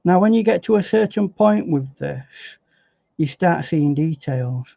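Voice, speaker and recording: A man demonstrating painting step by step in a relaxed, chatty way, thinking aloud as he works. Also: fairly high pitch, a little slow, vocal fry, dry recording. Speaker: painting instructor. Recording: dry, slightly dull recording.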